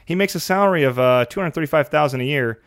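A man's voice: fairly high pitch, fast, no room sound. Male host, wry headline reader, dry close sound. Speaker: podcast host reading the news. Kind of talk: casual sports comedy chat.

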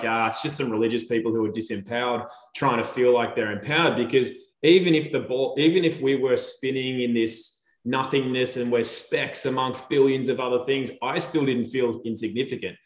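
A man with a mid-range voice chats casually as a podcast guest in an echoey room. He's an animated storyteller, acting out the quoted dialogue as he tells his story.

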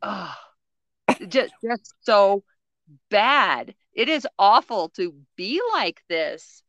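A middle-aged woman tells a story in a relaxed podcast chat, with a bright, forward tone. She is animated and laughs often, and the sound is close and dry with no room around it. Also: medium pitch, very slow, dry recording, muffled recording. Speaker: podcast co-host.

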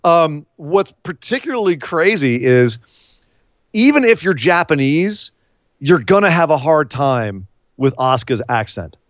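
An American man co-hosting a wrestling podcast, talking in a rambling, animated casual chat with many fillers. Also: on the high side, a little slow, no echo, lo-fi sound. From United States.

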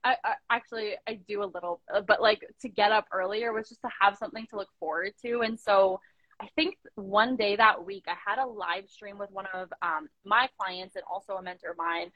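A woman's voice: medium pitch, fairly quick, dry recording, lo-fi sound. A young woman business owner chatting casually on a video call, full of fillers and quoted asides. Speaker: coaching client, business owner.

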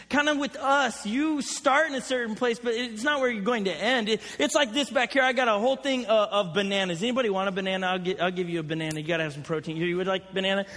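High, bright male pastor, chatty storyteller, sermon in an echoing auditorium. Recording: long hall reverb.

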